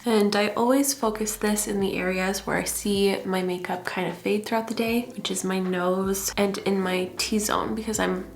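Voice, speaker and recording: A woman's voice: medium pitch, normal speed, hardly any pauses. A young woman from Canada chatting casually through a makeup tutorial. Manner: chatty, relaxed product talk. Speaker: makeup vlogger. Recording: roomy echo.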